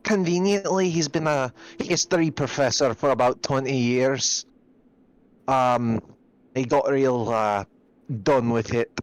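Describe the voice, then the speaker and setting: A man playing a tabletop game, describing his character in a rambling way and pausing to search for words. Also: medium pitch, low-quality recording. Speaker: player.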